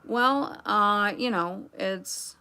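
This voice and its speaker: A woman's voice: mid-range voice, drawn-out words, sharp tone, clean tone. A young adult woman hosting a casual livestream, reading chat and talking in a blunt, sarcastic, rambling way with asides.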